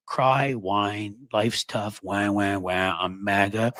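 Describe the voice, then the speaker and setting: A man's voice: lowish voice, steady tone, unhurried, hardly any pauses, fairly bright tone, dry recording. A man in his fifties from New York City, hosting a political commentary monologue with sarcastic, mocking asides. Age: 50s. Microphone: studio microphone.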